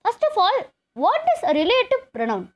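A woman's voice: very high voice, very animated, normal speed. A woman teaching an English grammar lesson, explaining step by step and repeating key terms. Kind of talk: classroom lesson.

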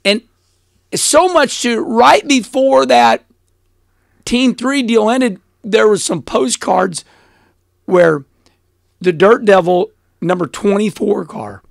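A middle-aged man recounts his past in a casual podcast interview. His voice sits high with a gravelly fry. He talks bluntly and animatedly, and the sound is close and dry. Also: slow pace, pauses often, dry recording. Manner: animated, blunt, laughs often. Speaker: interview guest, former race car driver.

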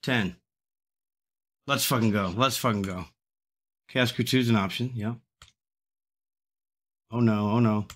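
A man's voice: fairly low pitch, steady tone, a little slow, pauses often. A man live-streaming his gambling, talking constantly in a profane voice that swings between begging the game and cursing at it. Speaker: livestreamer.

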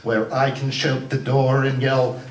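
In a live comic a cappella piece, a man voices an aging starlet of the screen, using a natural, level, mid-range voice at a slightly slow pace. The character is haughty, indignant and fixated on cleanliness, defending herself in theatrical rhymes. A distant mic in a roomy theater captures it with a little hiss or hum.

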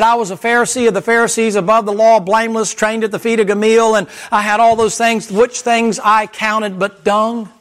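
A middle-aged man preaching a sermon as pastor, swinging between loud, high emphasis and low, quiet passages. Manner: impassioned preaching, rising and falling in pitch and volume.

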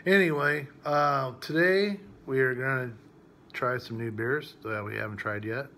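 A man chats in a relaxed, joking way on a casual home vlog. His voice sits at a middle pitch, with faint noise behind him. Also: a little slow. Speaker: vlog co-host. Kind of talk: casual chat.

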